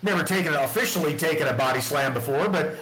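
A man's voice: fairly high pitch, lively intonation, fast talker, a bit bright, a little hiss or hum. A man telling rambling stories in casual chat, often laughing and acting out the dialogue. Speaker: podcast guest, storyteller. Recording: echoey room.

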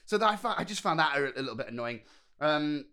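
A man's voice: fairly high pitch, fast, clear, resonant tone. Chatty man retelling a TV episode. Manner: rambling, animated retelling with restarts. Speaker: podcast co-host. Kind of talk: casual chat reviewing a TV episode.

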